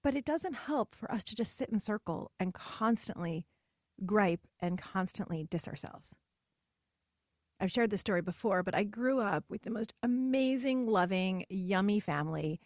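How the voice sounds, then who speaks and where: A middle-aged woman hosting a podcast, talking in a chatty, animated way and acting out the voices she quotes. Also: medium pitch, normal speed, no echo, studio quality. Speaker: podcast host. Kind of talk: casual solo podcast monologue.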